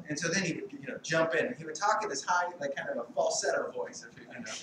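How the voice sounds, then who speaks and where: A middle-aged man speaks at a memorial service, wandering through his memories with lots of fillers and restarts and a gentle, joking touch. His pitch sits in the middle range. The mic is some distance away in a reverberant hall, and there is steady noise in the background. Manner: halting, rambling, light humor, many fillers. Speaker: eulogist, family friend. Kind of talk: memorial speech.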